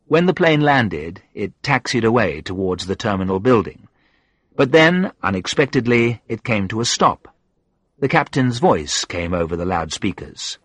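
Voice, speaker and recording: A man narrating a first-person audiobook in a measured, sombre way. His voice is low and husky. The recording is dry and close. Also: big pitch swings, fairly bright tone, dry recording.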